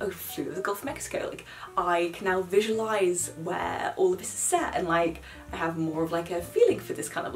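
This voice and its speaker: Young woman, low-pitched, casual animated chat, faint background music. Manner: chatty, animated, swears and mocks in quoted asides. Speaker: book vlogger.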